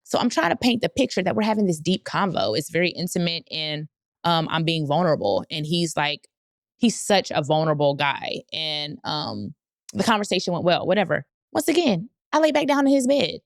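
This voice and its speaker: Woman host telling a story to her listeners, laughs a lot, lowish voice, dry sound. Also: a little fast, dry recording. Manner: candid, animated, laughs often, quotes people in voices. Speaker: podcast host.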